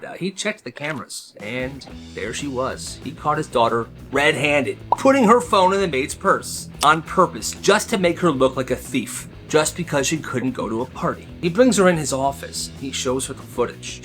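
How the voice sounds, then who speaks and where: Animated chatty man telling stories. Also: fairly high pitch, moderate pace, soft background music. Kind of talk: casual storytime narration.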